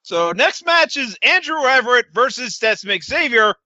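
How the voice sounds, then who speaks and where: Bright, high-voiced man recapping wrestling. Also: sing-song, moderate pace, no echo, lo-fi sound. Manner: sarcastic, swears, quotes wrestlers in put-on voices. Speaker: podcast co-host. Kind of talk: casual wrestling recap chat.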